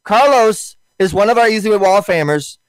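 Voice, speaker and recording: An energetic man hosts a casual podcast, hurried and tripping over his own restarts. His voice sits high and rushes along. The sound is dry and close to the mic. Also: no room sound. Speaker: podcast host.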